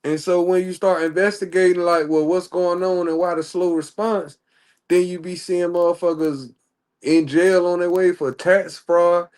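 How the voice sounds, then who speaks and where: A man with a fairly high voice rants through casual livestream commentary. He talks in a heated, profane way and keeps dropping "bro" and "man.". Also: flat delivery, normal speed, darkish tone. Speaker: streamer.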